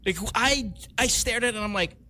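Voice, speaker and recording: A man's voice: extremely high pitch, a little fast, pushed and bright. A young man with a Filipino accent co-hosting a radio show, joking and poking fun at himself in casual banter. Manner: joking, self-mocking, switches between English and Tagalog.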